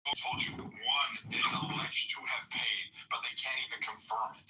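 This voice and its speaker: A man's voice: mid-range voice, fairly even intonation, normal speed, sharp tone, slight background noise. Combative cursing man, echoey room. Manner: combative, profane, dismissive. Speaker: panelist in political chat. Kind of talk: heated argument. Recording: echoey, distant, faint music.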